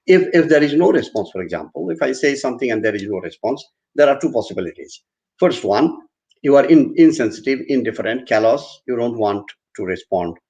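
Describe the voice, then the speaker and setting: A man's voice: medium pitch, lively intonation, a little fast, darkish tone, muffled recording. A man giving an online university lecture, repeating and restarting phrases as he explains with everyday examples.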